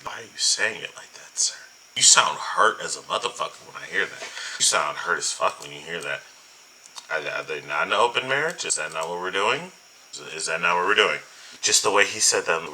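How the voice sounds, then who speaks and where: A man's voice: sits low, sing-song, brisk, sharp tone, a little hiss or hum, low-quality recording. A man hosting reaction commentary, incredulous, emphatic and full of swearing. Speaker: commentary host.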